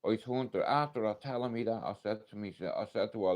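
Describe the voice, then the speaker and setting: Casual Irish male streamer, low-ish pitch, emotional and blunt, swears freely. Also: a little fast, a little mellow. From Ireland. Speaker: livestreamer. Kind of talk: casual live stream talk.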